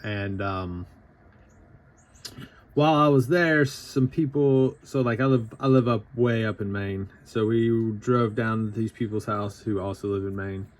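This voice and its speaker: A man's voice: lowish voice, a little slow. A man in his thirties with an Appalachian Southern drawl, telling a casual anecdote in a rambling, profane way full of fillers. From Southern United States. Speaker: storytelling vlogger.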